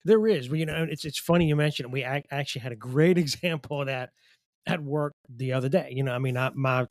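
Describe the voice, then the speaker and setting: A man's voice: medium pitch, quick pace, no echo, clean studio sound. A male podcast host telling a rambling story in casual conversation, with false starts.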